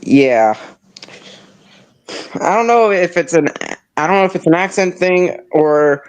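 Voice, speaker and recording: A young man chats loosely with friends, his voice a little high and nasal from a stuffed-up nose. He rambles, restarting his thoughts and leaning on fillers as he goes. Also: expressive, measured pace, smooth. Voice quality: slightly nasal. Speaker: streamer. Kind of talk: casual chat.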